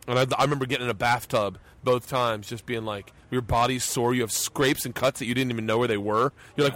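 A man's voice: mid-range voice, fairly even intonation, fast, hardly any pauses, a bit bright. A man hosting a podcast at a comedy club, telling profane, self-mocking stories and acting out what people said. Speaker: podcast host. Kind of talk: casual chat, storytelling.

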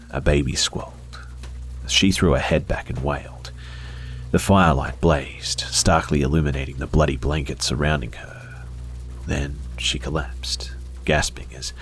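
A man with an extremely low, deep voice reads a horror story as scripted narration. He takes his time and often sinks into a hushed near-whisper. Faint music runs behind him.

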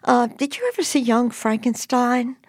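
A woman's voice: on the high side, normal speed, no echo, studio quality. An older woman vividly retelling a personal story to an interviewer, acting out what people said. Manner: lively, animated retelling with acted-out quotes.

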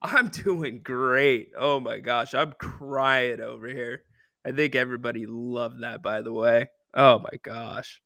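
A man co-hosting a sports talk show, easygoing and agreeable, quick to laugh. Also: mid-range voice, fairly even intonation, vocal fry, bright, forceful tone, no room sound, clean studio sound. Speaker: radio co-host.

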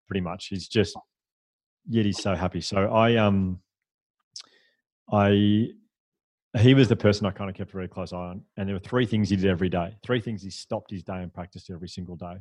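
A man who is a podcast guest, telling stories in a lively, chatty, self-deprecating way. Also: low-pitched, moderate pace, no room sound. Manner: animated, chatty, self-deprecating, with fillers and laughs. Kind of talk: conversational storytelling.

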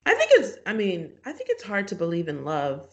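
A woman co-hosts a casual podcast and thinks out loud, filling her talk with "like" and "you know". Her pitch moves all over and stays animated throughout. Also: a little fast. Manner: expressive, musing, filler-heavy. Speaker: podcast co-host. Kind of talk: casual recap chat.

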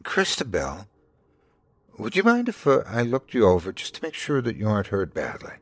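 Man doing a soft, cooing middle-aged woman. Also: on the low side, very animated, normal speed, no echo. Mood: gentle.

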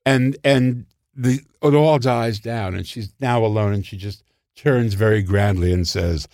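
A man's voice: fairly low pitch, measured pace, dry recording, studio quality. An older man, a comedy writer, telling anecdotes animatedly and often laughing. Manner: animated, acts out voices and laughs a lot. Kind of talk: anecdotal storytelling.

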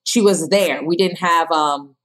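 Lively woman telling her story, lower voice. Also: measured pace. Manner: animated storyteller who acts out quotes in a high voice and laughs. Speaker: podcast guest.

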